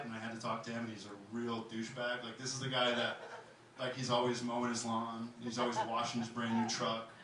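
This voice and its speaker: A man doing a stand-up comedy set in a club, animated, jumping into high excited voices for the characters in his bits. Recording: echoey club, mic from far off, crowd noise. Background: audience laughter.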